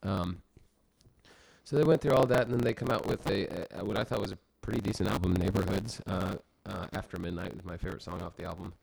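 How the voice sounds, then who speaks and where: A man's voice: low voice, fairly even intonation, fast, creaky, darkish tone, husky, poor audio. A man co-hosting a casual music podcast, talking in a rambling, jokey way with restarts. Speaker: podcast co-host. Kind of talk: casual chat. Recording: amateur recording with clicks and faint hiss.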